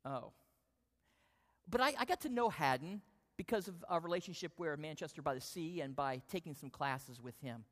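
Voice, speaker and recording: A man preaching a sermon, telling a lively self-deprecating personal story before drawing the lesson. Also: on the high side, moderate pace. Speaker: pastor. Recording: long hall reverb.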